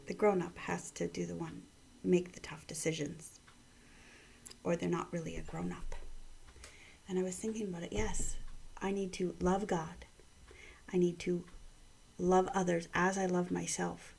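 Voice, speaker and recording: A woman in her thirties from Canada gives a morning devotional vlog, speaking quietly in a half-whisper so her upset child down the hall can't hear. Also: fairly low pitch, fairly even intonation, unhurried, vocal fry, pauses often, slight background noise. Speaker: mother giving a morning devotional. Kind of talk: hushed personal vlog devotional.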